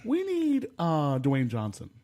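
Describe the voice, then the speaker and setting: A man co-hosting a casual comedic podcast chat, animated and exasperated, breaking into shouts and laughter. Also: fairly high pitch, slow pace. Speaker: podcast co-host.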